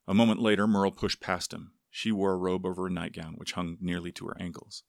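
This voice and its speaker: A man reading a novel aloud in steady storytelling narration. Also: low voice, a little fast, vocal fry, no room sound, studio quality. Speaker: audiobook narrator. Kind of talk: scripted narration with character voices.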